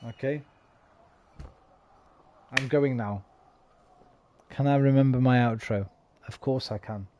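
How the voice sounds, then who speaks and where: A man signing off a game stream while tipsy, his words slightly slurred. He rambles and swears casually into a desk mic. His loud bursts drop suddenly into low, trailing mumbles. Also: takes it slowly, a little hiss or hum.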